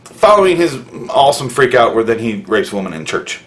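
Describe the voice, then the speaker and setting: A man's voice: medium pitch, big pitch swings, brisk, fairly bright tone. A man reviewing a movie in a furious rant, swearing constantly and bluntly listing everything he hated. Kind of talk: angry profane rant.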